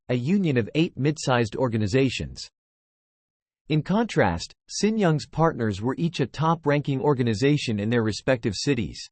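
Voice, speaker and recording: Dry, lively-pitched male novel narrator. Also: dry recording. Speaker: audiobook narrator. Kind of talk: plain narration of a web novel.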